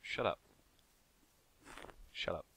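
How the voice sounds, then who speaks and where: A man hosting a casual game let's-play who is excitable and yelps and swears when attacked. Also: extremely slow, no room sound. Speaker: Minecraft let's-play host. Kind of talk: casual gaming chat.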